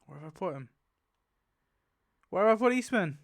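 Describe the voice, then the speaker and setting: A man giving casual, excitable commentary while spinning a wheel, laughing often and mumbling lists to himself. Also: sits high, normal speed, gravelly. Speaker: YouTuber.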